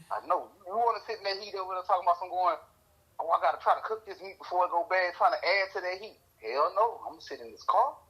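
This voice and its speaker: A man's voice: sits high, animated, fast, bright, forceful tone, slightly rough, poor audio. A man from Louisiana co-hosting a podcast, chatting casually and telling stories with lots of laughs and cursing. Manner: storytelling with frequent laughs and cursing. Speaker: podcast co-host. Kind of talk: casual chat.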